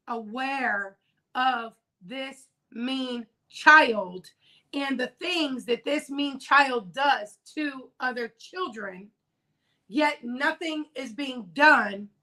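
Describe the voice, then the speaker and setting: Hosting a casual livestream about a news case, a woman speaks in a high-pitched, bright, forceful voice. She talks emphatically and keeps repeating her key points, and the audio quality is poor.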